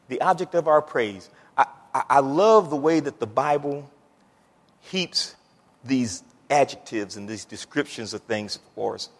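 In a large hall, a pastor with a mid-range voice preaches a sermon at a measured pace. He moves from quiet scripture reading to loud, excited preaching, weaving in folksy stories and repeated words.

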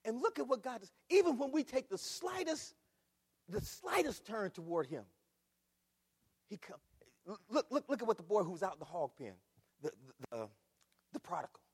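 A middle-aged man preaching a sermon in a church, swinging between shouts and hushed, emphatic lines. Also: sits high, big pitch swings, moderate pace, long pauses, breathy edge. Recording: long reverb of a large hall.

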